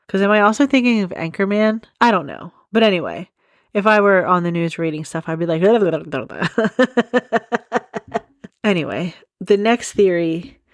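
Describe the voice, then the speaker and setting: Giggly rambling woman, low voice. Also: dry recording, studio quality. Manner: rambling, giggly, goes off on tangents. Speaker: podcast host. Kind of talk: casual true crime chat.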